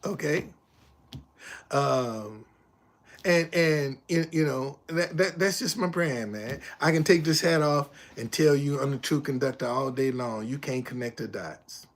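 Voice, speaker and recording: An older man streaming live, retelling a confrontation with heavy profanity and repetition, then chatting with viewers. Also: a little slow. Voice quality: profane, emphatic storytelling with repetitions. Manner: animated, loud retelling, drops low when reading chat. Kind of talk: casual live stream talk.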